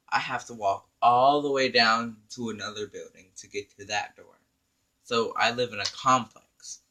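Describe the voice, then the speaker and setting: A man telling an animated, profane story in a storytime vlog, acting out the dialogue. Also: medium pitch. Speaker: vlogger.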